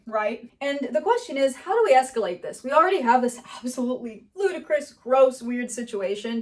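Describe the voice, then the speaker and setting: A woman with a slightly high voice talks through the structure of a comedy sketch in a loose, chatty lesson. She is animated and laughs often. She jumps into quick acted bits of the lines she describes. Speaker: comedy writing teacher. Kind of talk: casual explainer lesson.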